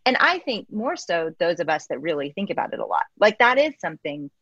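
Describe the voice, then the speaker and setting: A woman's voice: lowish voice, sing-song, fairly quick, fairly bright tone, breathy edge, dry recording, highs cut off. A woman hosting a podcast conversation, affirming her guest with frequent short agreements. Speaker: podcast host. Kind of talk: conversational interview.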